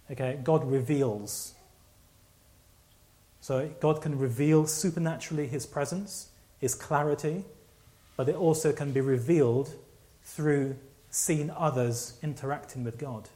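Male preacher, slightly high voice, animated sermon storytelling, stumbles and restarts.

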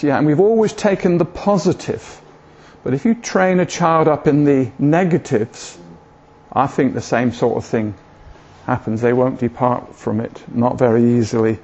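A man's voice: medium pitch, moderate pace, darkish tone, breathy edge. An older man, giving an informal sermon in a rambling, hesitant way with self-deprecating humour. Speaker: preacher. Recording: dull lo-fi recording.

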